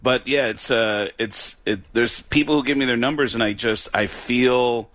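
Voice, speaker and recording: A man's voice: mid-range voice, moderate pace, fairly bright tone, dry recording. A man, a comedian guest, telling stories in a rambling, stammering way and laughing mid-story. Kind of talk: casual storytelling chat.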